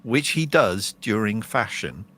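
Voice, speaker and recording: A man's voice: fairly low pitch, animated, a little slow, sharp tone. A man co-hosting a casual podcast chat, joking drily and reading out listener comments. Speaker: co-host.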